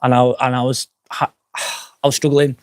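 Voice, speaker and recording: A man's voice: medium pitch, little pitch movement, normal speed. A man in his forties, tipsy and slurring, chatting frankly on a live stream and answering comments outdoors at night, swearing often as he rambles. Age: 40s. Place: outdoors at night by a campsite fire pit.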